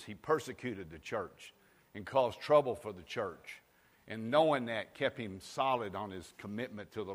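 Preacher man in a reverberant hall. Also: mid-range voice. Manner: call-and-response preaching that swings between loud and hushed. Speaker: pastor. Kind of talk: sermon.

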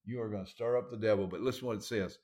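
Folksy Southern preacher, lowish voice. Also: male voice, fairly even intonation, racing, a little mellow. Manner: folksy and emphatic, plain everyday grammar. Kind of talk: sermon.

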